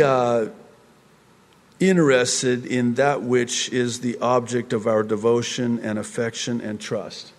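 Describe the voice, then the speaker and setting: A man preaching in an unhurried, drawn-out way, his words wandering with restarts and sudden excited rises. His voice sits at an ordinary middle pitch. It rings with the long reverb of a large hall. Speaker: pastor. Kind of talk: conversational sermon.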